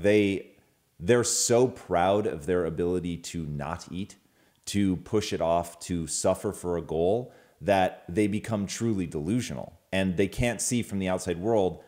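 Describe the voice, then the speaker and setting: Very low-voiced man, earnest. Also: darkish tone. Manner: earnest, explanatory. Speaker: host. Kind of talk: casual relationship talk.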